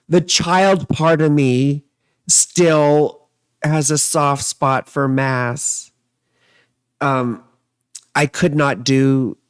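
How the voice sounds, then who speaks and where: A man with a smooth, mid-range voice, recorded with no room sound. He's an astrologer and tarot reader chatting casually on a livestream, answering viewer comments in a rambling, playful way that mixes jokes with musing.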